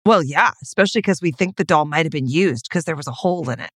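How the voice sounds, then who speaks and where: A woman co-hosting a podcast in casual chat, playful and jokey with animated reactions. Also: sits low, fast talker, dry recording, studio quality. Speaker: podcast co-host.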